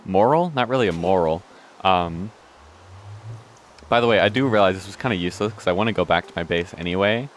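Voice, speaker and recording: Deep-voiced young man rambling over gameplay. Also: a little fast, long pauses, a little hiss or hum. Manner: meandering, self-interrupting, swears casually. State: hiccuping. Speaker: let's play host.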